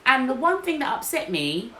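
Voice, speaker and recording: A podcast co-host with a high voice, speaking at normal speed, relates a story in relaxed chat. She's animated and voices other people's words herself. Her recording has an echoey room sound and faint noise.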